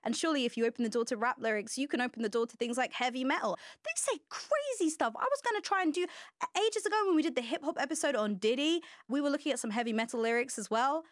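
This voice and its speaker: A woman co-hosting a talk show, chatting casually in an animated, self-deprecating way. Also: on the high side, racing, few pauses, no room sound, clean studio sound. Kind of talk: casual chat.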